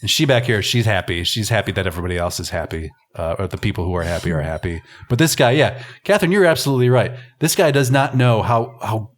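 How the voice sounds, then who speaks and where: A man's voice: fairly low pitch, lively intonation, quick pace, few pauses. A man hosting a film podcast, giving casual, wry and rambling commentary. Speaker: podcast host.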